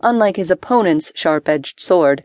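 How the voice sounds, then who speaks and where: A woman narrating an adventure audiobook in a steady, measured storytelling manner. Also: lowish voice, dry recording. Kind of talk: scripted narration.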